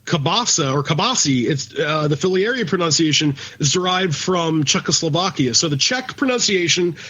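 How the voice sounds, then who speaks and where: A man's voice: a little high, lively intonation, moderate pace, pushed and bright, breathy edge, dull audio. A man with a Philadelphia accent co-hosting a podcast in casual chat, rambling, swearing freely and drifting off topic. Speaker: podcast co-host.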